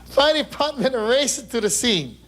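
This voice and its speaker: Man, very high voice, live stand-up, chatty, stage mic. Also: unhurried, slight background noise. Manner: lively, chatty, self-interrupting delivery. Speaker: comedian. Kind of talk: live stand-up joke telling.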